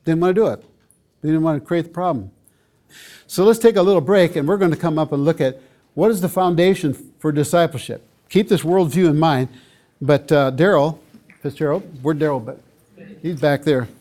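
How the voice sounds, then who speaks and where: Older pastor guy teaching a church crowd, mellow warm tone, kinda high-ish voice, earnest and pushy. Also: normal speed. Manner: earnest, emphatic, with asides to the audience. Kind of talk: teaching talk to a church audience.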